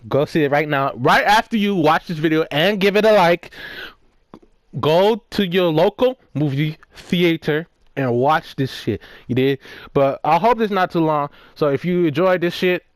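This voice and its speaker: A man's voice: a little high, moderate pace, no room sound. A man casually reviewing a movie in one take, rambling with lots of fillers and frequent swearing. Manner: rambling, profane, fillers and restarts.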